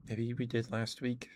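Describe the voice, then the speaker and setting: A hoarse young man chatting casually on a stream, rambling with lots of fillers. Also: medium pitch, darkish tone. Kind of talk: casual chat.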